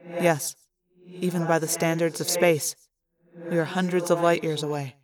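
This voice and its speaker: A woman reading the lines of a young male alien cadet in a quiet, measured, matter-of-fact way. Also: on the low side, little pitch movement, crowd noise, lightly acted. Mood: calm.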